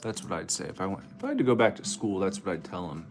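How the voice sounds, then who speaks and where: A man's voice: low voice, big pitch swings, quick pace, music in the background. A man hosting a livestream, chatting casually and joking playfully. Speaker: streamer host.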